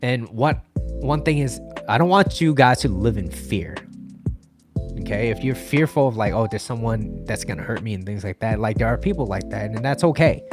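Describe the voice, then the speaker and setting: A man's voice: medium pitch, lively intonation, normal speed, music in the background. Man giving rambling dating advice. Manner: rambling, repeats himself, checks in with "okay?". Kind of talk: casual advice monologue.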